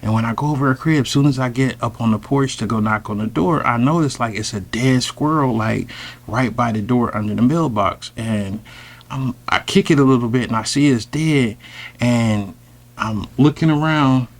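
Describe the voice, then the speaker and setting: A man telling a personal story in a casual, animated, slangy way, with sudden loud outbursts. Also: medium pitch, moderate pace. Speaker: storyteller host.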